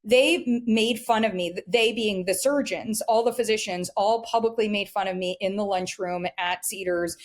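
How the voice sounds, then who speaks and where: Chatty animated woman dietitian. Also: medium pitch, normal speed, few pauses. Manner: animated, many fillers, acts out quotes. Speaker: registered dietitian guest. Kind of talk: casual interview storytelling.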